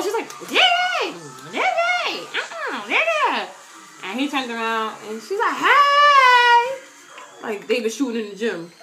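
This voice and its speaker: A young woman chatting casually to her webcam, slangy and animated, often breaking into loud quoted voices. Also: fairly high pitch. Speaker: vlogger answering viewer questions. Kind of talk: casual chat to camera.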